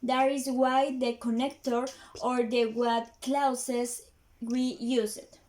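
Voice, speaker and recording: A high-pitched woman whose first language is Spanish talks through English grammar points. She goes slowly, with frequent "uh"s and halting restarts, like a student giving a class presentation. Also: level tone, a little mellow. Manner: slow, halting, many fillers and restarts, non-native phrasing.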